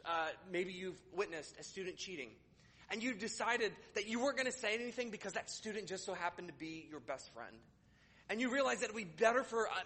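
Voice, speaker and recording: A man delivers a Sunday sermon in a high, slightly husky voice. He speaks casually and wryly, restarting his sentences as he goes. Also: sharp tone. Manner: conversational with sarcastic humor, hesitant restarts. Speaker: pastor. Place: church.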